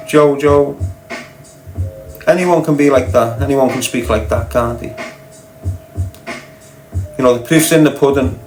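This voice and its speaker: A man's voice: on the high side, poor audio. Blunt, sweary Scouse man ranting. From Liverpool, England. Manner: confrontational, mocking, blunt and sweary. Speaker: podcast guest. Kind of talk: ranting monologue.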